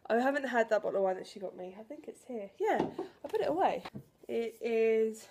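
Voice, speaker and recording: A woman's voice: fairly high pitch, animated, a little fast, background noise. A woman in her twenties vlogging at home in a chatty, emotional way, laughing and sighing between thoughts. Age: 20s. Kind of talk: casual vlog to camera. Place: at home indoors.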